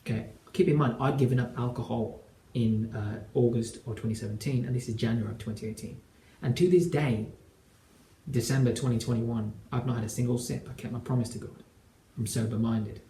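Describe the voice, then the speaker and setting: A young man in his twenties tells a personal story with earnest emphasis, acting out bits of dialogue. His voice is warm and mellow with a gravelly edge. The sound bounces around an echoey room. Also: mid-range voice, steady tone, fairly quick, slight background noise. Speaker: relationship coach.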